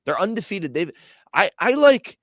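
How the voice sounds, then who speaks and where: A man's voice: high voice, big pitch swings, normal speed, a bit bright, no room sound. A man co-hosting a sports podcast in a casual, joking way, rambling into asides. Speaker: podcast co-host. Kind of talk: casual chat.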